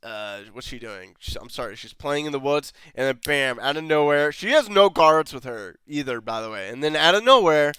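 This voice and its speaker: A man's voice: on the high side, expressive, moderate pace, hardly any pauses, sharp tone, smooth, dry recording. A man ranting sarcastically in a show review, exasperated and swearing often. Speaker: video reviewer.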